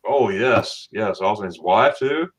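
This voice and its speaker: A middle-aged man from Florida hosting a casual livestream chat, telling animated stories and acting out what people said with laughs. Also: lowish voice, a little slow, slightly rough. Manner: animated storyteller, acts out quotes with laughs. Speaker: livestream host.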